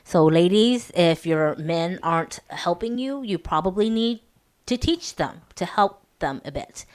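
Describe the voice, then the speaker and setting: A woman's voice: fairly low pitch, expressive, measured pace. Candid woman co-hosting a chat podcast. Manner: candid, acts out quoted voices, many fillers. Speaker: podcast co-host. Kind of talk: casual chat.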